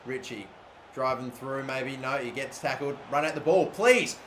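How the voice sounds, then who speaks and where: A young man giving casual commentary over a football video game, excitable and swearing when annoyed. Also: medium pitch, normal speed. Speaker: gaming YouTuber. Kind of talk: gameplay commentary. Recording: echoey room with faint ambient noise.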